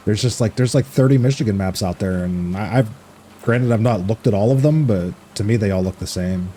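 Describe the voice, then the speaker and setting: Mellow-voiced man chatting on stream. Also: on the low side, a little fast, slight background noise. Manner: chatty, swears freely, laughs easily. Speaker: game streamer. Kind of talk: casual live-stream chat, reading chat aloud.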